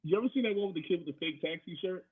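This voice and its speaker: A man's voice: high voice, rapid-fire, slightly rough, phone-quality sound. A young adult man co-hosting a podcast, telling profane stories with lots of laughter and acted-out quotes. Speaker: podcast co-host. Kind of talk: casual chat.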